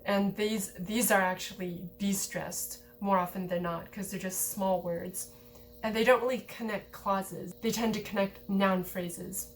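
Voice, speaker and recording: A woman giving a relaxed, conversational language lesson, explaining grammar points with lots of casual filler words. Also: medium pitch, unhurried, a little hiss or hum. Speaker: language teacher.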